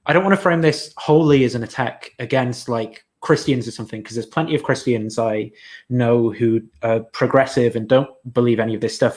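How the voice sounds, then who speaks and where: A man hosting an interview, speaking thoughtfully and hesitantly with many restarts. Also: mid-range voice. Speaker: interview host. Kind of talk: casual conversation.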